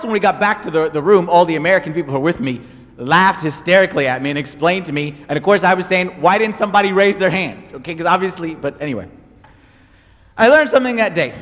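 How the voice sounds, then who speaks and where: Guy pastor preaching, high voice, lots of repeating for emphasis, long hall reverb. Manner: animated storytelling, emphatic repetition. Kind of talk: sermon.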